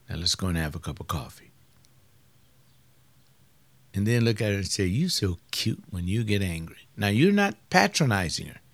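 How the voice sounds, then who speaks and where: A man speaks at a middle pitch, lecturing as a marriage counselor. He is emphatic and calls out directly to the men and women he is addressing. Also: a bit bright. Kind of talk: lecture on relationships.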